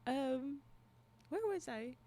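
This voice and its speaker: A fairly high-voiced woman chats loosely with her live audience, drifting between thoughts and restarting sentences. She giggles often as she reacts to her viewers. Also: slow pace, mellow. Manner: rambling, giggly, laughs often; frequent restarts and trailing asides. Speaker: livestream storyteller. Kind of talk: casual chat with live viewers.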